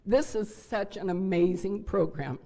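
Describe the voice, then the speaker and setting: A woman's voice: medium pitch, unhurried, vocal fry, dark tone. An older woman sharing her personal story at a recovery convention, talking in a candid, heartfelt way. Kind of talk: personal share talk. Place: hotel convention ballroom.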